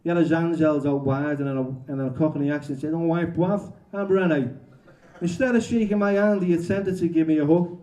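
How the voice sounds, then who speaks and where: A frank, self-mocking Englishman chats and reads aloud at a bookshop event. His voice sits a little high for a man but sounds dark and mellow, and he talks casually with plenty of fillers. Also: fast talker, hardly any pauses. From England. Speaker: author at a book event. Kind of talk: candid storytelling and reading aloud.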